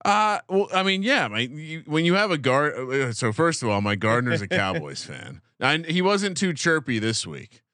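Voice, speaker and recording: A man's voice: a little high, big pitch swings, moderate pace, sharp tone, dry recording. A man co-hosting a podcast in a studio, talking casually about betting picks in a rambling way, with swearing and dry jokes. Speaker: podcast co-host. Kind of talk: casual sports betting chat.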